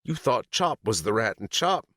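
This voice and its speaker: A man's voice: lowish voice, sing-song, moderate pace, pushed and bright, no echo, clean studio sound, voice pushed up, heavily acted. A man voicing a furious, vengeful mother held captive for decades, who shrieks her accusations in an audiobook. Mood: screaming, vindictive. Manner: shrieking, bitter, trembling. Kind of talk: audiobook character reading.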